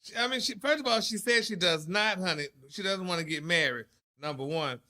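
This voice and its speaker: A man's voice: high voice, a little fast, sharp tone. A man co-hosting a podcast, chatting sassily and calling people honey and child. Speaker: podcast co-host. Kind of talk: casual gossip chat.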